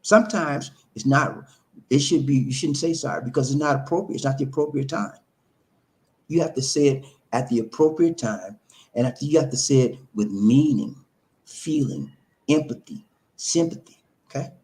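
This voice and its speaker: A man hosting a live stream, giving casual relationship advice and reading viewer comments. He talks in an animated, preachy way, repeats himself for emphasis and speaks straight to his viewers. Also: medium pitch, normal speed. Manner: animated and repetitive, preachy, addresses viewers directly. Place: living in the Philippines.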